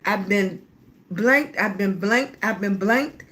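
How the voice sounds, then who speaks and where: A woman's voice: medium pitch, slow, a little hiss or hum. A middle-aged woman hosting a casual livestream, chatting freely with viewers and calling them baby, with an occasional cough. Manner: talkative, warm-hearted, calls viewers baby. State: coughing at times. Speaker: livestream host.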